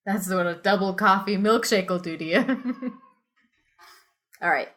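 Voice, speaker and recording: A woman's voice: mid-range voice, a little slow, fairly bright tone. A woman co-hosting a podcast, reading an adventure story aloud in a casual, playful way and often slipping into giggles. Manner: giggly, playful, breaks into laughter mid-sentence. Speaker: podcast co-host reading a choose-your-own-adventure story. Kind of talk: casual read-aloud narration.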